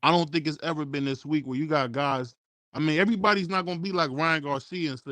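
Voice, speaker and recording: A man hosting a casual sports talk show, relaxed and conversational, often tagging his sentences with "man.". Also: on the high side, quick pace, dry recording.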